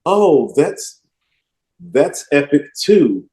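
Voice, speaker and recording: A man's voice: a little high, extremely slow. Emphatic man in an echoey room. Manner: animated, emphatic, quotes lyrics with relish. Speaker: podcast co-host. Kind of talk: casual music discussion. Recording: roomy echo.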